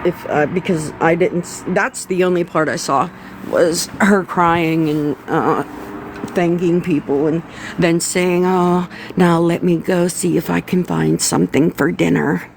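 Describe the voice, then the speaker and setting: A woman's voice: on the low side, fairly even intonation, measured pace, vocal fry, background noise. A woman hosting a casual commentary livestream, blunt and exasperated, repeating her points and swearing. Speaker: livestream host.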